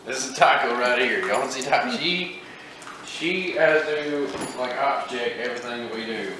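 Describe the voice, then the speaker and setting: A man who hosts a fishing channel runs a casual cooking vlog in his kitchen, talking in a laid-back, folksy way at medium pitch and normal speed. The kitchen is echoey and noisy, the mic is far off, and food fries and sizzles in the background.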